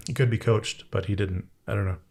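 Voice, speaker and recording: A man's voice: lowish voice, steady tone, a little fast, creaky, darkish tone, husky. A man co-hosting a movie podcast, griping about a film casually with a wry tone and some swearing. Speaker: podcast co-host. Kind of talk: casual chat.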